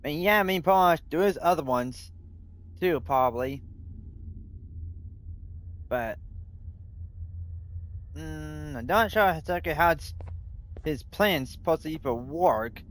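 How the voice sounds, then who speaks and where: A man's voice: fairly high pitch, expressive, slow pace, long pauses. A male streamer giving rambling, mocking live commentary while playing a game. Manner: rambling, mocking, repeats a filler word. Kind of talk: live let's play commentary. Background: loud game music.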